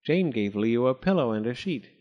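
A man narrating a children's storybook aloud in an expressive, animated way. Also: medium pitch, normal speed, dull audio. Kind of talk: storybook reading.

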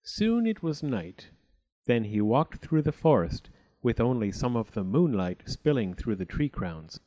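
Man reading a storybook aloud, animated. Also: mid-range voice, unhurried. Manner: expressive, with many character voices. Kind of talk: storybook read-aloud narration.

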